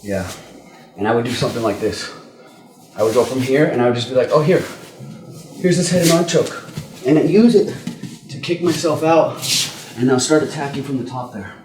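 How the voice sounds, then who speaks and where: Man, mid-pitched, laid-back grappling coach, roomy gym sound, strained breathing under a choke. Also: brisk, pauses often, music in the background. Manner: casual, repeats words and says "okay?" often. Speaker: jiu-jitsu instructor. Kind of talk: instructional technique demo. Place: training gym, indoors.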